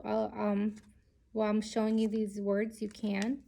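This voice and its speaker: A woman's voice: mid-range voice, flat delivery, slow, creaky, long pauses, mellow. A woman teaching a children's lesson, speaking patiently and sounding out each letter.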